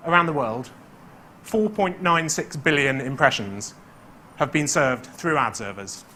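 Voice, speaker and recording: A man's voice: fairly high pitch, a bit bright, a little hiss or hum. Earnest man giving a persuasive speech. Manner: earnest, building to emphatic points. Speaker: competition speaker. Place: conference stage before an audience.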